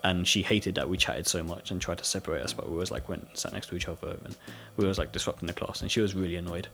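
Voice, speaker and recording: A young British man with a husky voice, casually telling a school story with lots of "like" fillers and laughter. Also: low voice, very fast, fairly bright tone. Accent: British English. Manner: rambling storytelling with frequent "like" fillers, laughing often. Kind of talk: casual chat.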